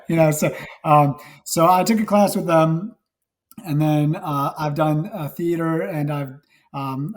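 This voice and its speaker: A man from Wisconsin talks as a guest in a relaxed interview. His voice is low and a little raspy, and it sits a touch higher in pitch than most men's. He rambles, circling back with fillers and restarts. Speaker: guest actor and nurse. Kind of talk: casual interview chat.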